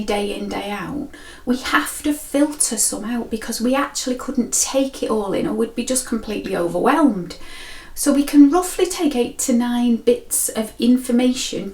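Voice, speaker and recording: A woman's voice: on the high side, a little mellow. A woman, a mind coach telling a story and explaining in a friendly, conversational way. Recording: roomy echo.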